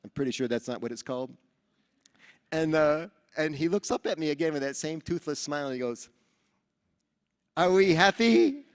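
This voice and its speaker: A man from New York giving a motivational talk at a seminar, telling animated stories and acting out the dialogue. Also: on the high side, fairly quick. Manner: animated storyteller who acts out dialogue. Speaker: Rotary speaker at a training seminar. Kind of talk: motivational speech with storytelling. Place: large event hall. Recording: reverberant hall.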